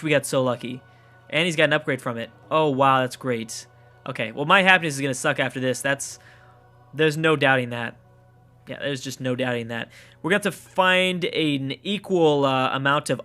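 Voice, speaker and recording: Canadian man, let's play commentator, bright and a touch high, thinks aloud and swears, faint music under. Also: moderate pace. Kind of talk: casual gameplay commentary.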